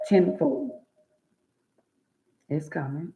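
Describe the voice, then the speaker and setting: In an echoey room with dull, lo-fi sound, a woman hosts a live stream and delivers a preachy rant. Her low-pitched voice moves slowly with frequent pauses as she bluntly and profanely lectures viewers, repeating words for emphasis.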